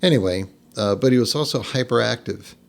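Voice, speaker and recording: A man's voice: medium pitch, brisk, creaky. Rambling older storyteller man. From New Jersey. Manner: rambling, lots of fillers and restarts, laughs at his own story. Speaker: podcast guest. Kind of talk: casual storytelling.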